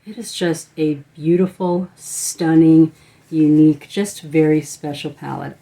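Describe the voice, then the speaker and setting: A woman beauty vlogger from the United States, likely in her thirties, casually reviews eyeshadow palettes and gushes about them with enthusiasm. Her voice is deep and warm.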